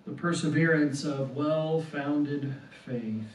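A man preaching a sermon, slow and deliberate, who often repeats words and tags on "right?". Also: fairly high pitch. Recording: roomy sound from a distance.

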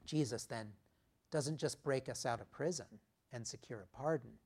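A man preaching a sermon, emphatic, dropping his voice low for key phrases. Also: a little mellow, husky. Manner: slow, emphatic preaching with dramatic drops in volume.

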